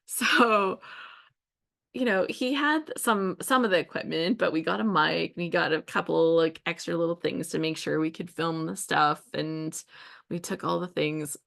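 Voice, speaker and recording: Woman rambling through a story on her craft livestream, some vocal fry, laughs a lot, says like a ton. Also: on the low side, steady tone, unhurried, a bit bright. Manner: chatty, laughs often, many "like" fillers. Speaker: scrapbooking livestream host. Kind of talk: casual storytelling chat while crafting.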